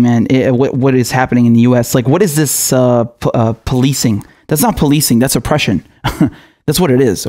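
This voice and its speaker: A man's voice: mid-range voice, dark tone. A man giving an angry commentary monologue, heated and profane, often stammering and restarting his sentences. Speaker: political commentator.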